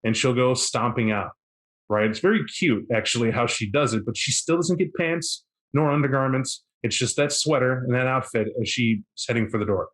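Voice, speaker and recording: A man's voice: medium pitch, moderate pace, fairly bright tone. A man running a tabletop game as game master, narrating in a loose, chatty way with many fillers.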